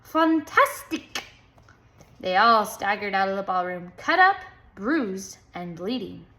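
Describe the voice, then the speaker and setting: Lively woman reading a kids' book. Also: medium pitch, a little slow. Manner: lively, playful, with sung rhythm sounds. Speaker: storybook reader. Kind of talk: children's book read-aloud.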